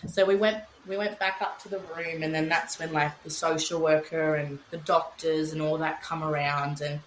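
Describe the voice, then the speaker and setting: A woman's voice: low voice, level tone, normal speed, a little hiss or hum. Frank Australian woman in a roomy space. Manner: frank and emotional, swears freely, reenacts her own words. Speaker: guest. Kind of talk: candid conversational storytelling. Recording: roomy echo with faint ambience.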